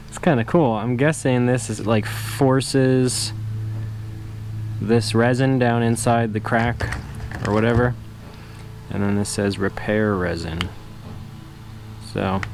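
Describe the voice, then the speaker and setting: A man casually talking through a do-it-yourself car repair, relaxed and self-deprecating, with plenty of fillers. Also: fairly low pitch, measured pace, long pauses, background noise. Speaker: DIY vlogger. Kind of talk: casual how-to narration.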